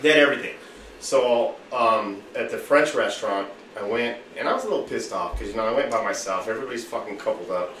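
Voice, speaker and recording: A boisterous man with a bright, forceful voice tells a rowdy story, swearing freely and acting out the other people in it. He sits back from the mic in an echoey room with faint noise behind him. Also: on the low side, fast talker, recorded from a distance. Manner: profane, boisterous storyteller who acts out quotes. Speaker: podcast host telling a story. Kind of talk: casual storytelling among friends.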